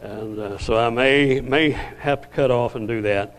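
An older man giving a conversational Bible-teaching sermon, often restarting sentences and slowing down to read scripture. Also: mid-range voice, low-quality recording. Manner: rambling, self-correcting, conversational; slows down to read scripture aloud. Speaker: lay preacher.

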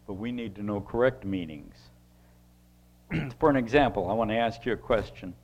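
A man teaching a Bible lesson to a group in a halting, conversational way, reading scripture passages aloud. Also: lowish voice, expressive, a little mellow. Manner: halting, with restarts, reads scripture aloud slowly. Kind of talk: sermon-style Bible teaching.

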